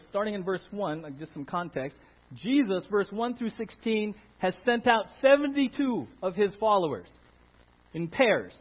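A male pastor preaching an animated sermon and calling for amens, on a dull lo-fi recording. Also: high voice, husky. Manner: animated, calls for Amen from the congregation.

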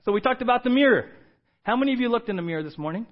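A man's voice: very high-pitched, lively intonation, racing, lo-fi sound. A male pastor preaching a conversational sermon, often checking in with the congregation.

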